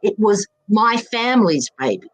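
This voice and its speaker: A woman's voice: mid-range voice, very animated, moderate pace. Emphatic Australian woman in her seventies. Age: 70s. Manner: emphatic, emotional, repeating words for force. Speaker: guest. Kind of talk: personal testimony in an interview.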